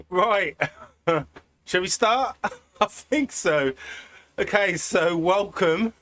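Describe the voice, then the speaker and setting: A man from Britain with a British accent, chatting in a relaxed way while hosting a cycling live stream from an indoor trainer at home. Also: high voice. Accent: British English. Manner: relaxed, chatty, thinking aloud with pauses. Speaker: cycling livestream host. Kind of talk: casual live-stream chat while riding.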